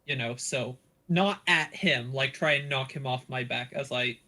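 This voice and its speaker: A man's voice: mid-range voice, moderate pace, pushed and bright. A man playing a tabletop role-playing game, describing his character's actions in a loose, rambling way full of "like" and "you know". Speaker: player. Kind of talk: casual tabletop play.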